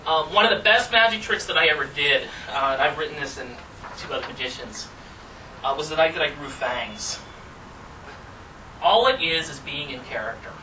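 A man chats casually to an audience in a room about doing magic, chuckling at his own anecdotes. His voice is on the high side, with lively intonation and a moderate pace, and the distant mic catches background noise too.

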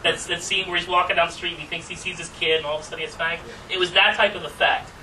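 This man's voice is on the high side, pushed and bright, with a flat delivery at a very fast pace. He gives a relaxed, talkative presentation on magic performance to a room audience, laughing at his stories. Background noise accompanies the distant-mic recording.

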